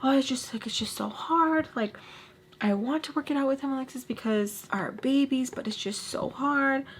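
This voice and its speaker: A woman acting out a wealthy mother who is offended and sorry for herself. She lectures in a lilting, wounded voice and is plainly pitched higher than the storyteller's own speech. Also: normal speed, a little hiss or hum, natural voice. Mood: self-pitying. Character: huffy, self-pitying wealthy mother, a woman.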